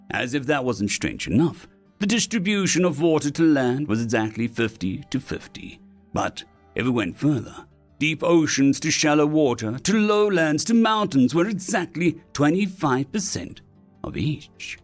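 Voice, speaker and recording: A man's voice: medium pitch, breathy edge. A man reading sci-fi short stories aloud as scripted narration.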